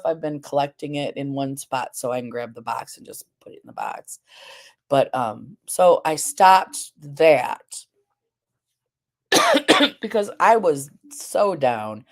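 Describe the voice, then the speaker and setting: A woman hosting a live stream, chatting casually with viewers, rambling a little with fillers and restarts, a bit groggy. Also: deep voice. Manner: addresses viewers and the chat directly. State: groggy, sleepy. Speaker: livestream host.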